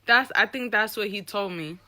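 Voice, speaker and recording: A young woman telling a candid personal story with an animated, profane delivery, acting out the people she quotes. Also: mid-range voice, normal speed. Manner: animated, profane, reenacts dialogue.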